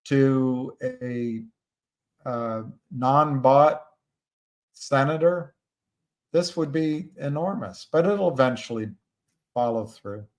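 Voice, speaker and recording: A man hosting a casual livestream, talking slowly and haltingly with many restarts as he reads viewer chat. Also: mid-range voice. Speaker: livestream host.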